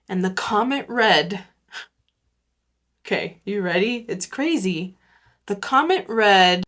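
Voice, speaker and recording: A woman hosting her own podcast, talking earnestly and emotionally in a halting way, repeating words and swearing now and then. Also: mid-range voice, expressive, fairly bright tone. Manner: emotional, near tears; swears casually. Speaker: podcast host. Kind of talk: personal solo podcast talk.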